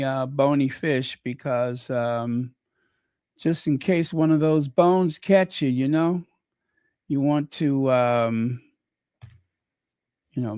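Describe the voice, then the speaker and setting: A man's voice: mid-range voice, darkish tone, clean tone, dry recording. A man hosting a casual livestream, chatting in a rambling way with many fillers and restarts, close to the mic. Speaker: channel host.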